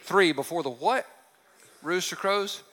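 A male pastor preaching a sermon, animated and joking, acting out the characters as he tells the story. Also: high-pitched, unhurried, long reverb tail. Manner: animated, joking asides, acts out quotes.

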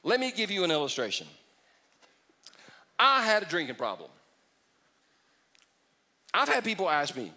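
A middle-aged man preaches with a bright, forward tone and a fairly high voice. He keeps things animated and joking, slipping into mocking impressions. The delivery is a lively sermon. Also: moderate pace, pauses often. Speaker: pastor.

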